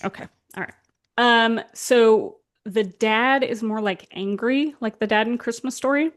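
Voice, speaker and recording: A woman's voice: fairly high pitch, unhurried. A woman hosting a podcast, telling stories in a casual chat full of fillers. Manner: storytelling with fillers and laughs. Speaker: podcast host.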